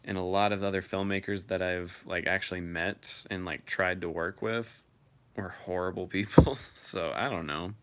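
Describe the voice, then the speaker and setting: A man's voice: sits low, steady tone, moderate pace, clean tone. A man hosting a casual live chat, reading viewer comments aloud and answering them in a loose, freely swearing way.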